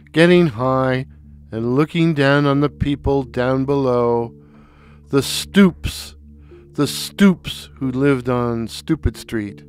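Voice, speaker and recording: A man narrating a dark, comic short story in a sardonic, deadpan, deliberate way. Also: medium pitch, clear, resonant tone. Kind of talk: dry, wry spoken storytelling.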